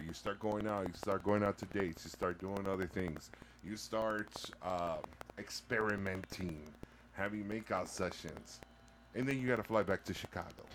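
A man co-hosting a casual podcast, playful and quick to laugh, stumbling and restarting as he talks, switching into now and then. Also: on the low side, noisy background. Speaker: podcast co-host. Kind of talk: casual banter.

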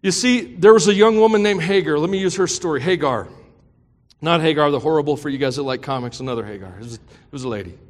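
A middle-aged man preaches from the pulpit, with a voice that sits somewhat high for a man. He moves from a personal story into fervent, impassioned preaching. His words ring out with a long reverb, as if in a large hall. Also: fast talker. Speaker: pastor. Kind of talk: sermon.

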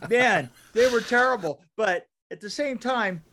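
A man co-hosting a casual movie review chat, talking in halting restarts and laughing often. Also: very high-pitched, a bit bright, a little hiss or hum. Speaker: podcast co-host.

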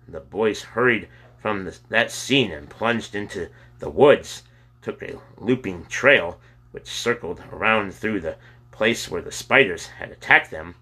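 A man reading a children's novel aloud with steady storytelling. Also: lowish voice, slightly rough. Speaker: audiobook narrator.

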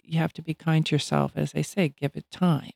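A woman's voice: low-pitched, fairly even intonation, a little fast, gravelly, darkish tone, dry recording, clean studio sound. A woman in her sixties co-hosting a casual talk show, speaking reflectively and thoughtfully. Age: 60s. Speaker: podcast co-host. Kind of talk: casual chat.

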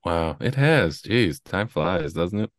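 A man's voice: sits low, expressive, slow, dry recording, clean studio sound. A man co-hosting a podcast, teasing and chuckling through casual banter.

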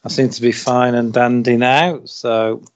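Slow-talking British man laughing on a podcast. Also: medium pitch, flat delivery, lo-fi sound. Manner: laid-back, laughs a lot, British slang. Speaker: podcast co-host. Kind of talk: casual chat.

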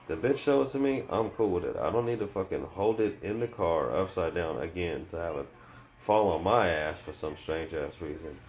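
Lively low-voiced man rambling profanely. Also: normal speed, highs cut off, slight background noise. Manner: profane, animated, tangent-prone. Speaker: podcast host. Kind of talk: rambling casual storytelling.

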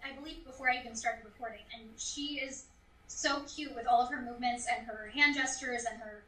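A woman's voice: a little high, a little fast, a bit bright, distant mic. A woman, a voice actress, chatting enthusiastically as a guest in a casual interview. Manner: enthusiastic, gushing. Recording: echoey room, somewhat off-mic.

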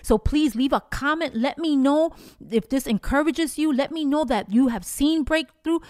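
A woman's voice: sits high, normal speed, darkish tone, dry recording, studio quality. An older woman hosting a devotional podcast, talking in a fervent, encouraging, preacherly way and closing with prayer. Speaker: podcast host.

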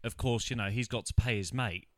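A man's voice: mid-range voice, steady tone, fairly quick, dry recording. Man in a dry, swearing chat. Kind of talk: casual film recap chat.

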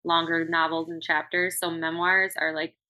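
A woman's voice: deep voice, level tone, normal speed, bright, forceful tone, low-quality recording. A woman guest on a video-call podcast, chatting casually and sprinkling her talk with "like". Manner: chatty, fillers like "like".

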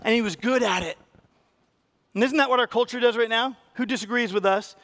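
A male pastor preaches a little fast, animated and theatrical, bringing quoted voices to life with sharp climbs in pitch and loudness.

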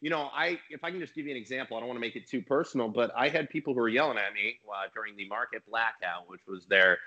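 A man, a business coach and mentor, talking in a casual podcast conversation with an energetic, emphatic manner. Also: lowish voice, quick pace, few pauses, lo-fi sound.

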